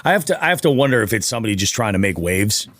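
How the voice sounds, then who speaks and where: Animated, profane New podcast host. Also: male voice, on the low side, rapid-fire, no echo, studio quality. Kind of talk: casual chat.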